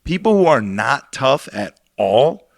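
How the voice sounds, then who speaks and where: A man's voice: medium pitch, big pitch swings, takes it slowly, vocal fry, dry recording, studio quality. A young man co-hosting a podcast, telling a rambling, profane story about DJing in casual chat. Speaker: podcast co-host and DJ.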